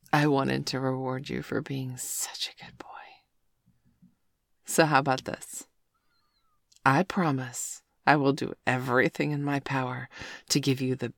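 Give me a very low-voiced, husky woman teasing and commanding in a whispered role-play. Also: no echo, clean studio sound. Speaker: audio role-play performer.

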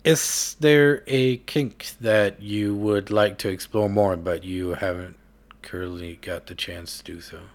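A man's voice: lowish voice, fairly even intonation, unhurried. A man hosting a casual podcast interview, asking teasing, jokey questions. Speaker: podcast host.

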